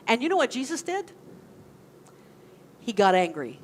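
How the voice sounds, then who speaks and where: A woman's voice: on the high side, big pitch swings, brisk, pauses often, slight background noise. A woman minister gives a sermon in a conversational way, often asking the congregation questions. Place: church sanctuary.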